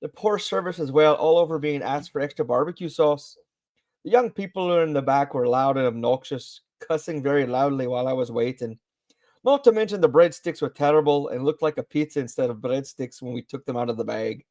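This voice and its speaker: A man's voice: medium pitch, fairly quick, darkish tone, no echo, close to an everyday voice. A man voicing a woman customer as he reads aloud her complaint about bad service. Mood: complaining. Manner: complaining, reading a review aloud. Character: grumpy woman customer with a put-on accent.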